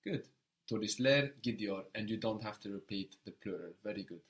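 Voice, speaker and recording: A man teaching a language lesson, patient and encouraging, prompting a student step by step. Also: on the low side. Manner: patient, encouraging, slow and deliberate.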